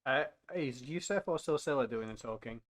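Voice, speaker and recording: A man's voice: mid-range voice, animated, moderate pace. A man playing in a tabletop game, hesitant and often restarting his sentences. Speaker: player. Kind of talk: casual tabletop play.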